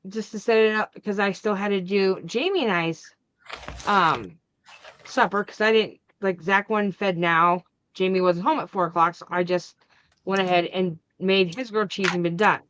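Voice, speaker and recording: A woman hosting a crafting channel, chatting casually and acting out the family arguments in her story with lively energy. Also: mid-range voice, normal speed, muffled recording. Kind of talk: casual chat.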